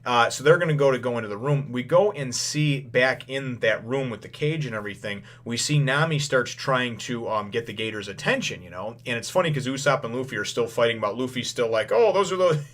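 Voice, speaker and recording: Male host, mid-pitched, casual first-impressions recap, rambling, loose paraphrased dialogue. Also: fairly bright tone. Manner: rambling, full of filler phrases; acts out lines in quick paraphrase. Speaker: manga chapter reviewer.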